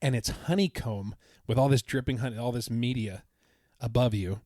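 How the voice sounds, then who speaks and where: A man co-hosting a podcast tells the story of his trip in a relaxed, eager, wandering way, just casual chat. His medium-pitched, darkish voice moves at a moderate pace in a clean studio recording without echo.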